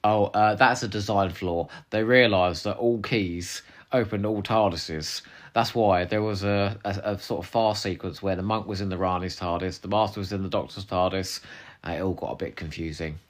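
A man's voice: low-pitched, moderate pace. A man co-hosting a podcast, chatting casually and animatedly, laughing often with playful asides. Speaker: podcast co-host.

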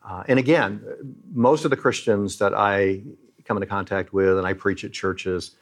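A man's voice: fairly low pitch, steady tone, moderate pace. A middle-aged man who leads a Christian aid charity, speaking earnestly and like a preacher as he tells moving stories in an interview.

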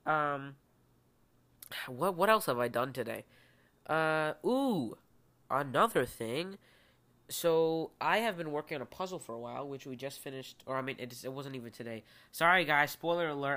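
Young male podcast host, bright tone, goofy self-deprecating rambler. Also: mid-range voice. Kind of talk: rambling solo podcast chat.

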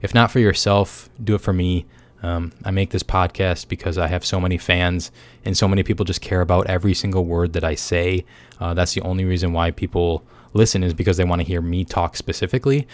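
A young man speaks fast in a low register while hosting a laid-back solo podcast, full of self-mocking jokes, tangents, and plenty of "like." The recording is dry.

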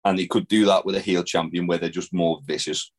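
A man's voice: deep voice, steady tone, fairly quick. A man co-hosting a podcast, recapping wrestling in a rambling, casual way, swearing freely and with lots of fillers. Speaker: podcast co-host. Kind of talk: casual wrestling review chat.

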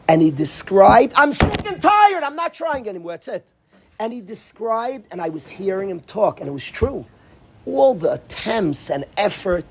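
A man giving an informal talk to dorm counselors, animated, acting out quoted voices and often restarting his sentences. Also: sits high, husky. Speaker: yeshiva speaker addressing dorm counselors.

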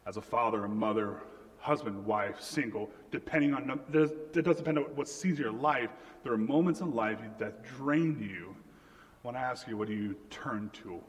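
Casting note: young male pastor, mid pitch, storytelling sermon, echoing sanctuary. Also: normal speed. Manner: storytelling, animated quoting of family. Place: church sanctuary. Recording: reverberant church hall.

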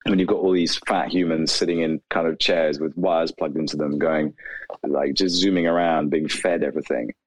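A man, a video creator, talking casually in an interview with many "like" fillers and animated asides. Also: very deep voice, moderate pace, no room sound, poor audio. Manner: rambling, animated, lots of "like" fillers.

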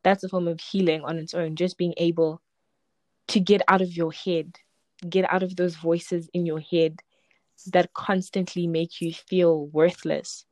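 A woman's voice: lowish voice, unhurried, no room sound. A young woman, a poet telling her story in a casual interview and acting out the people she quotes. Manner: animated, acts out quoted voices, frequent "like" and laughter.

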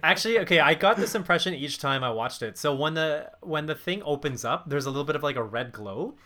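A man's voice: a little high, expressive, a little fast, bright, forceful tone. A man co-hosting a casual movie podcast, chatty and often restarting his sentences. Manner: chatty, with frequent restarts and fillers. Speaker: podcast co-host.

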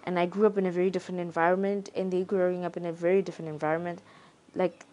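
A young woman talking in a casual, reflective monologue, thoughtful and pausing to search for her words. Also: fairly low pitch, flat delivery, darkish tone.

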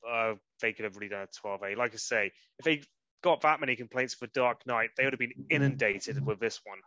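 A man's voice: medium pitch, a little fast, bright, forceful tone, no room sound, muffled recording. A man co-hosting a casual chat, easygoing and hesitant, thinking aloud as he goes. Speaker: podcast co-host.

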